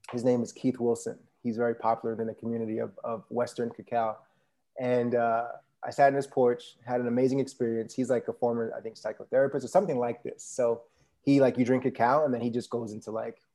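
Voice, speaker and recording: A man's voice: mid-range voice, gravelly, warm tone. A man chatting casually as a podcast guest, laid-back and rambling with many fillers. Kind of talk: casual conversation.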